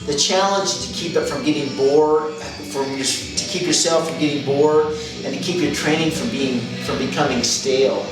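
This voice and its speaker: At a moderate pace, a fairly high-pitched fitness coach works through a training method in a methodical way, repeating key phrases and correcting himself as he goes. It's recorded in an echoey room, with the mic at a distance and music playing behind.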